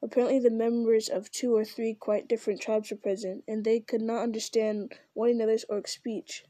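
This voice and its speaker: Dark-toned woman reading a story aloud. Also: a little high, little pitch movement, a little fast, no echo. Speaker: narrator. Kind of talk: audiobook reading.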